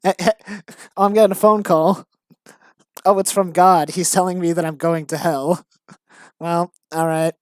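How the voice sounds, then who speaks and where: A woman's voice: fairly low pitch, fairly even intonation, normal speed, long pauses, darkish tone, no echo. A dead-tired woman chatting casually late at night, giggly and self-mocking. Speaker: vlogger.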